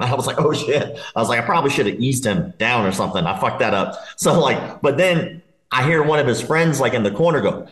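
A man casually telling a long, profane party story, laughing as he goes. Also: medium pitch. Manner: animated, swearing, laughing while telling a story. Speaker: podcast guest. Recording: roomy echo.

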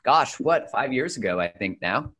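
A man's voice: medium pitch, animated, moderate pace, bright, forceful tone, slightly rough. A man hosting his podcast, talking in an enthusiastic, chatty way to his listeners and his guest. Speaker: podcast host. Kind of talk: podcast intro and casual interview.

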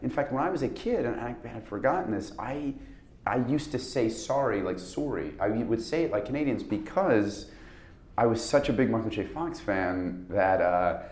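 A man in a casual interview, talking about his acting work in a halting, rambling way with many restarts. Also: lowish voice, lively intonation, darkish tone, roomy sound. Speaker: actor guest.

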